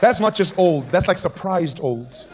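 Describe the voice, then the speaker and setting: A South African stand-up comedian with a high voice, telling his stories with animated, playful energy. A faint hum of the room sits behind him. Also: measured pace, a faint crowd.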